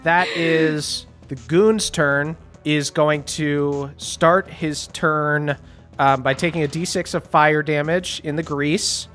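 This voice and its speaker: Game master guy, high voice, bright tone, faint music behind. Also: fairly even intonation, takes it slowly. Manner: loose, laughing, lots of fillers. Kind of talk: narrating a tabletop game.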